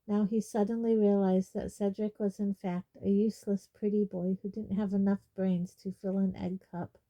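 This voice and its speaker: Dark-voiced woman reading a story. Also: medium pitch, little pitch movement, moderate pace. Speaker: audiobook reader. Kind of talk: storybook narration.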